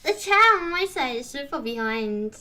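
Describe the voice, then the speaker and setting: A woman streamer chatting casually on a live stream, giggly and excitable, often repeating her greetings. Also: sits high, normal speed, heavy background noise.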